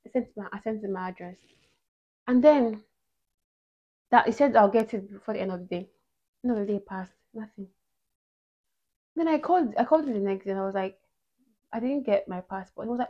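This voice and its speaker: A young woman from Nigeria, telling a story in a casual vlog. She talks in an animated, emotional way, restarting her sentences often. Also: fairly high pitch, fairly quick, pauses often. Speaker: vlogger. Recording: dull lo-fi audio.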